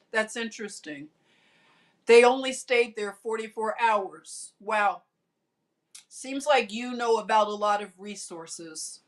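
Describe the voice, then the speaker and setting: A woman's voice: a little high, lively intonation, takes it slowly. A woman giving scolding, sarcastic video commentary, speaking directly to the people she criticizes. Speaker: commentary vlogger.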